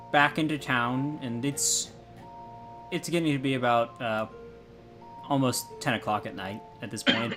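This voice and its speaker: A man's voice: medium pitch, a bit bright. A man narrating a tabletop game as game master, hesitant and full of restarts.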